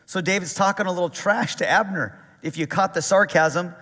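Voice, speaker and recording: A man preaching a sermon, animated and conversational, reading scripture aloud. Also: high voice, moderate pace, few pauses, big-room sound. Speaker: pastor.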